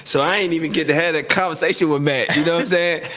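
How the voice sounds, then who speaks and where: Man, animated storyteller, laughs a lot, slightly higher voice. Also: fast talker. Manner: animated, acts out quotes, laughs often. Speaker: guest, former NFL receiver. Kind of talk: casual storytelling.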